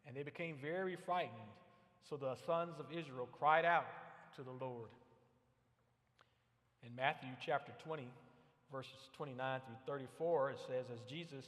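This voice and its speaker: A man's voice: medium pitch, moderate pace, long pauses, fairly bright tone, big-room sound. A man preaching a sermon as pastor, earnest and often repeating words as he builds a point. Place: church sanctuary.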